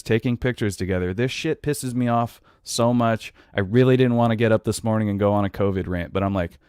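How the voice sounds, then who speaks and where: A man's voice: mid-range voice, darkish tone, smooth, no echo, studio quality. A man in his thirties hosting a podcast, ranting in a casual, exasperated, profane way. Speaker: podcast host.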